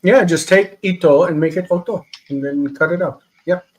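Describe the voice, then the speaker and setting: A man leading a live online Hebrew grammar class, explaining patiently and reading Hebrew aloud quickly. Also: high-pitched, low-quality recording.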